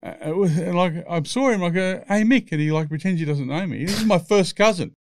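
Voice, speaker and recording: A man's voice: sits high, fast talker, no room sound, studio quality. A man, telling rambling, swear-filled stories as a podcast guest. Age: 60s. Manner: profane, rambling anecdotes. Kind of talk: casual storytelling.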